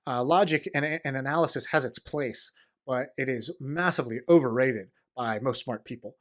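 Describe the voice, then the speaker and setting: A man in a casual podcast interview, talking fast and eagerly with many fillers and restarts. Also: mid-range voice. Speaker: podcast guest, entrepreneur.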